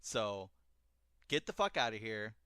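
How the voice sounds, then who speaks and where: A man's voice: lowish voice, very animated, unhurried, sharp tone, smooth, no room sound, studio quality, full character voice. A man putting on the voice of a bitter, sneering male soldier who rants and swears. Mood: dismissive. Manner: ranting, profane.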